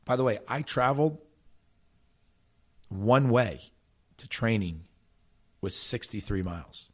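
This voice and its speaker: A man's voice: mid-range voice, slow. A middle-aged man from South Jersey, a soccer coach, telling stories in a casual interview with frequent restarts. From South Jersey, USA. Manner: animated storyteller, frequent restarts. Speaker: soccer coach and former player, guest.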